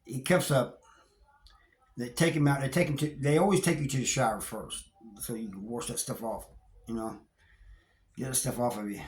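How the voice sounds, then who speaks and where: A vlogger recounts his prison days in a medium-pitched, fairly even voice at normal speed, leaving long pauses. He tells it casually and plainly, loose and slangy, with wry chuckles and plenty of "you know." The recording has a roomy echo.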